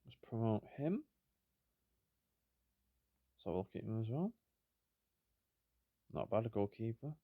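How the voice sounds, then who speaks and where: A man's voice: lowish voice, very animated, takes it slowly, long pauses, no echo, narrow, tinny audio. A tired man giving rambling, self-deprecating commentary on a football management game. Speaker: gaming YouTuber. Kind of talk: casual gameplay commentary.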